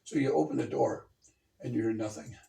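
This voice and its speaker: A man's voice: medium pitch, fairly quick, creaky, warm tone, recorded from a distance, slight background noise. A man telling a rambling comedic story and laughing often.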